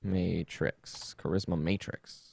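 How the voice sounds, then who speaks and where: Podcast host, man, low voice, dry close sound, rambling and jokey. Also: fairly even intonation, slow pace, vocal fry, darkish tone, breathy edge, dry recording. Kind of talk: casual rambling podcast chat. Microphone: desktop streaming setup.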